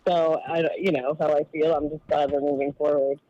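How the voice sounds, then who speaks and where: A woman's voice: low-pitched, level tone, fairly quick, warm tone, dry recording. A woman calls into a podcast from work and talks loosely, with many fillers and small laughs. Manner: hesitant, thinks aloud with many fillers and laughs. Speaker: caller, cannabis activist. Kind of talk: casual phone call into a podcast. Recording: dull phone-line sound.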